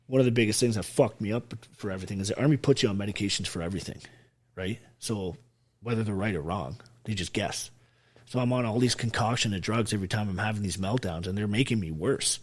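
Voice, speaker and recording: A man, an army veteran guest telling his story bluntly and with heavy swearing, acting out what others said. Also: on the low side. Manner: profane, blunt, acts out quoted speech. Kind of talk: emotional storytelling on a podcast.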